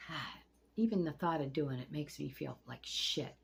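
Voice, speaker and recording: A woman's voice: deep voice, moderate pace, gravelly, husky. A middle-aged woman venting at home in a casual vlog, blunt and profane, rambling from one gripe to the next. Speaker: vlogger. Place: at home among pet turtles.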